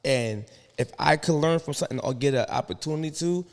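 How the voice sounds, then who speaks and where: Gravelly-voiced man hosting a casual chat. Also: on the high side, a little fast, long reverb tail. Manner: blunt, joking, street slang. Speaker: podcast host.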